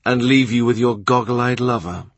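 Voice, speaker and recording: A man's voice: medium pitch, moderate pace, no room sound, lightly acted. A man voicing a wry, witty middle-aged court official who teases in a dry manner. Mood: wry, teasing. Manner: dry, teasing storyteller.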